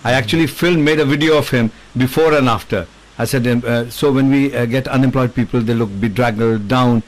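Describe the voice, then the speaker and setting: A man hosting a casual video-call chat, an animated, talkative storyteller. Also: medium pitch, fairly quick, rough recording. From India. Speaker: host.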